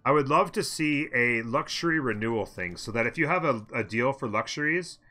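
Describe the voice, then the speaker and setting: A man's voice: mid-range voice, animated, fairly quick, bright, forceful tone, soft background music. A man hosting a strategy game let's play, chatting and thinking aloud as he plays and answering his chat.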